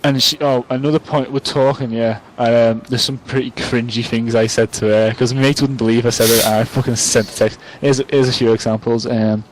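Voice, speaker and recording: A man's voice: medium pitch, flat delivery, a little fast, few pauses, slight background noise, rough recording. Tipsy, rambling young man. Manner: rambling, self-mocking, swears a lot. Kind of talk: casual storytelling to camera.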